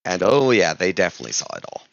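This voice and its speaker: Male vlogger, very low and gravelly, lively storytelling, dull lo-fi dry sound. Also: racing, noisy background. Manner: animated, exasperated storytelling. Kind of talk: casual storytelling vlog.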